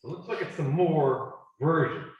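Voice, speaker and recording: A man teaching an English class, speaking slowly and deliberately for students. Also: dull audio. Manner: slow, deliberate speech with lively pitch swings. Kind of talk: classroom lesson. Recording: echoey classroom sound.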